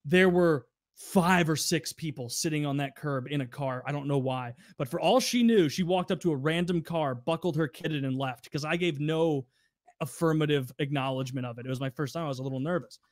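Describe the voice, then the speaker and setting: A young man tells raunchy work stories on a podcast, loose and profane. He slips into other people's voices to act out scenes. His slightly high voice sits close and dry on the mic. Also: a little fast, dry recording. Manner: animated, profane, acts out customers in raised voices. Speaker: podcast co-host telling stories. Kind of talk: casual storytelling.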